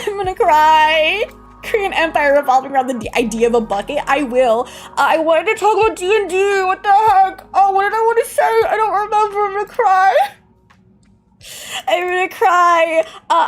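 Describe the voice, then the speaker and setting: A woman streamer chatting casually on a live stream, bubbly and giggly, greeting and thanking viewers one by one. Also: sits high.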